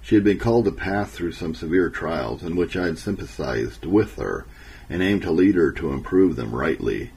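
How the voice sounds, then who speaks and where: A man narrating an old memoir in a measured, earnest and solemn way. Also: sits low, lively intonation, creaky, a little mellow, a little hiss or hum, low-quality recording.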